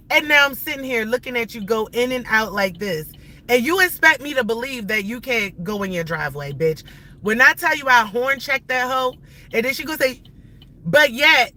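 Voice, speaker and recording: A woman ranting bluntly and profanely while driving, her voice moving between loud outbursts and hushed asides. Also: on the high side. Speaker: live-stream host. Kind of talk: ranting live-stream vlog. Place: inside a car while driving. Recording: steady car and road noise.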